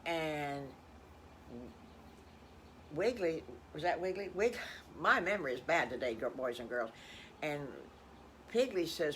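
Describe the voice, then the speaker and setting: A woman's voice: sits low, lively intonation, slow, long pauses, fairly bright tone, a little hiss or hum. An older woman telling improvised children's stories, folksy with chuckling asides. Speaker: storyteller.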